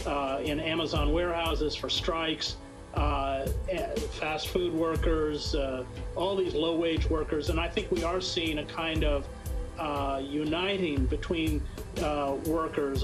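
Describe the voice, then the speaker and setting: A man answers an interview question in a measured, deliberate manner, pausing on fillers as he builds his point. His voice sits fairly high. Music plays clearly underneath. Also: low-quality recording. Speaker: interviewee in a played clip.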